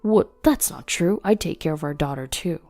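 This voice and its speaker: A selfish young husband, bossy and petulant, his complaints low and mellow, as a woman narrator reads him. He whines in a dry, close voice with faint music behind. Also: expressive, moderate pace, no echo. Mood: irritated.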